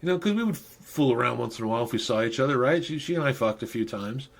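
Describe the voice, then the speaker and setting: Middle-aged male podcast host with a husky voice, loose and rambling, chuckles through his own tales. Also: medium pitch, animated, fast. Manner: rambling, crude, laughing at own stories. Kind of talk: casual storytelling monologue.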